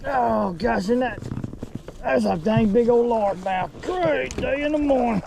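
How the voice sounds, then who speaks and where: A middle-aged man, giving excited, folksy commentary while fishing from a boat outdoors. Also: very high-pitched, a little slow, vocal fry, muffled recording, background noise. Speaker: fishing vlogger.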